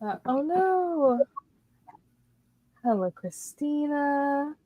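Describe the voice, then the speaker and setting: Higher-voiced woman hosting a livestream. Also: expressive, very slow, noisy background. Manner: greets chat viewers by name. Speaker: livestream host. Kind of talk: casual livestream chat.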